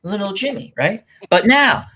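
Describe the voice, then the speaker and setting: A man's voice: high voice, very animated, normal speed, pushed and bright. A man hosting a casual online chat, rambling through funny stories with lots of giggles. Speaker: host.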